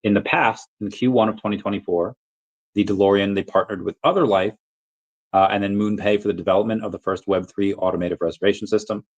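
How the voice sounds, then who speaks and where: A man's voice: fairly low pitch, steady tone, fast talker, dull audio. A man hosting a casual livestream, reading viewer comments and rambling off on tangents. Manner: rambling, easily sidetracked, self-interrupting. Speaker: crypto livestream host.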